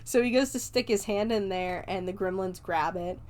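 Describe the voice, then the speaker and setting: A chatty woman hosts her own podcast, walking through a film scene by scene in loose, everyday talk. She laughs often and drops casual swears along the way, her pitch sitting in an ordinary middle range. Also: normal speed, a little mellow. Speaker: podcast host. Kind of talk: casual movie review chat.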